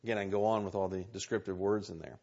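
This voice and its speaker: A man's voice: sits low, fairly even intonation, very fast, darkish tone. A man preaching a sermon in earnest, repeating key words and reading scripture aloud. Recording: muffled lo-fi recording.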